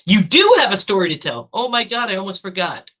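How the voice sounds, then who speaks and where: A podcast host on a remote call closes out the season in a relaxed way. The voice is bright and a little sharp, and the talk is loose and full of fillers. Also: medium pitch, brisk, poor audio. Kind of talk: casual show sign-off. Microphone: remote call mic.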